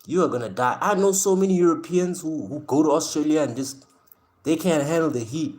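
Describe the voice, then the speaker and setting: A man's voice: a little high, a little fast, a little mellow. A man from Africa, hosting a live stream and chatting casually with his viewers in a slangy, joking way. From South Africa. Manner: slangy, joking, talks straight to chat, often laughs. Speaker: live-stream host reacting with chat.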